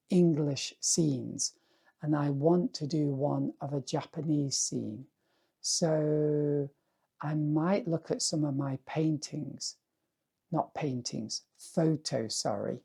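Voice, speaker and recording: Male artist vlogger, hoarse and rambling; mellow, gravelly tone, unhurried. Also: fairly high pitch. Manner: rambling, musing, often asks "yeah?". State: hoarse, voice going dry. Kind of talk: casual talk to camera.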